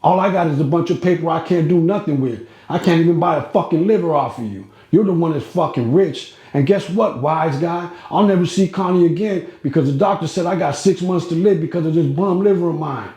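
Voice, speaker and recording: A man's voice: fairly high pitch, a little fast, few pauses, warm tone, pitched above the performer's own voice, close to an everyday voice. A man voicing a cranky, arrogant old Italian mobster who curses and needles, in a roomy echo. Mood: bitter. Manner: gruff, cursing, needling.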